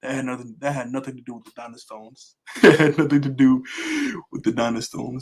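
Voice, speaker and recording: A man chatting casually in a fan review, rambling with many fillers and quick chuckles. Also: mid-range voice, steady tone, a little hiss or hum, low-quality recording. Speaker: anime vlogger.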